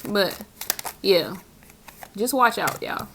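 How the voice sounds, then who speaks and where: A woman's voice: mid-range voice, expressive, takes it slowly, fairly bright tone, a little hiss or hum. A young woman, a tarot reader, talking casually and bluntly in a spiritual vlog, with slang and frequent laughs. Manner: blunt, slangy, laughs often between points.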